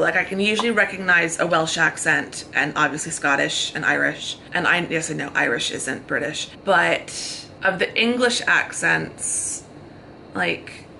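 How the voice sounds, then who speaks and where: A woman in her thirties with an American accent chats easily in a hotel room, one thought running into the next. Her voice sits fairly low yet sounds bright, with a gravelly fry at the ends of her phrases. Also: slight background noise, low-quality recording. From United States. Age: 30s. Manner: chatty, talks in long run-on thoughts. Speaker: vlogger. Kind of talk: casual chat.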